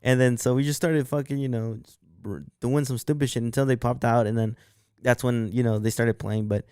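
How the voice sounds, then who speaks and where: A man's voice: medium pitch, steady tone, brisk, mellow, clear, resonant tone, no room sound, clean studio sound. A man co-hosting a podcast, telling a long story in casual, profane chat and acting out what others said. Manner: rambling, profane, acts out quotes. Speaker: podcast co-host.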